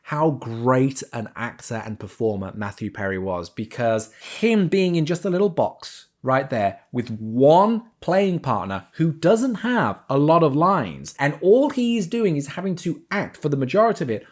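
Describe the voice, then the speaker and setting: A man's voice: on the high side, normal speed, few pauses. Gushing man reviewing on camera. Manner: animated, gushing, laughs while retelling scenes. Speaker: TV review channel host. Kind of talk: enthusiastic solo video review.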